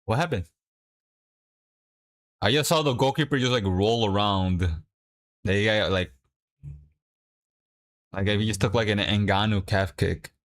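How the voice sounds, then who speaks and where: A young man chatting casually while watching a match live and coaching viewers through a quick workout. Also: fairly low pitch, fairly bright tone. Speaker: livestream host. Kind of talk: casual watch-along chat.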